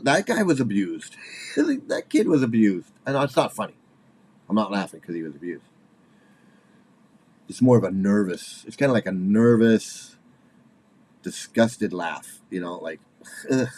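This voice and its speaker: A man in his forties giving casual spoken commentary, halting and repeating himself, with nervous laughs, worked up and angry. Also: lowish voice, a little mellow. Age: 40s.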